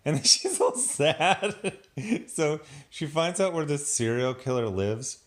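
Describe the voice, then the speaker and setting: A man's voice: a little high, slow. A man giving a casual, sarcastic review of a TV episode, laughing often as he picks it apart. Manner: sarcastic, animated, laughs a lot. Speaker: TV show reviewer.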